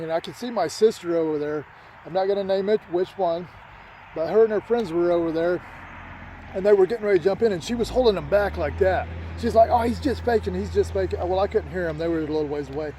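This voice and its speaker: A man tells a personal story, his voice slightly raised in pitch yet dark and mellow in tone. He rambles, repeats himself and restarts sentences as he goes. Faint traffic and outdoor noise sit behind him. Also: rough recording. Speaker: author telling a childhood story.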